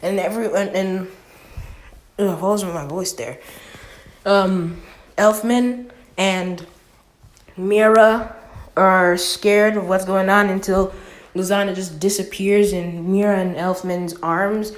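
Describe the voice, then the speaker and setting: A woman casually retelling a homemade anime storyline. She talks slowly and loosely, often stopping to correct herself or reach for filler words. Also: mid-range voice, fairly even intonation. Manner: rambling, with many fillers and self-corrections.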